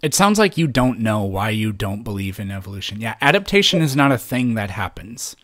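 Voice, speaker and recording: A man's voice: on the low side, sing-song, brisk, fairly bright tone, no echo, clean studio sound. A man hosting a heated debate, mocking and sarcastic toward the other speaker. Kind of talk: heated argument.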